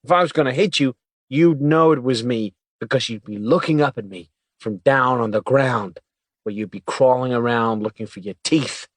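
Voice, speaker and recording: A man's voice: medium pitch, moderate pace, no echo, close to an everyday voice. A man narrating an audiobook voices a tough-talking, sarcastic male FBI agent with a blunt, mocking way of speaking. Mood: scoffing.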